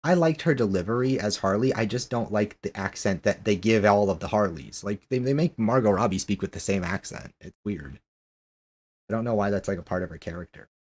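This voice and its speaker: Male streamer, rambling casual chat, somewhat low and husky. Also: brisk, darkish tone. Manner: rambling, questioning, many restarts and fillers.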